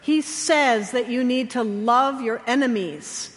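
Softly preaching woman in reverberant hall. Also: on the high side. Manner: gentle storytelling with slow emphatic pauses. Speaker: chaplain. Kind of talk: sermon.

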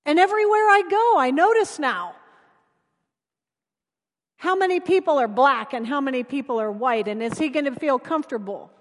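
High-voiced woman preaching in a reverberant church. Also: animated, moderate pace. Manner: earnest storytelling, drops soft for emphasis. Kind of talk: sermon with storytelling.

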